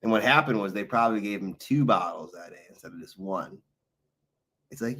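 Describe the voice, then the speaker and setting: The man's voice is on the low side and unhurried, at a moderate pace. Weary and live on stream, he responds to chat in relaxed, rambling talk peppered with crude storytelling.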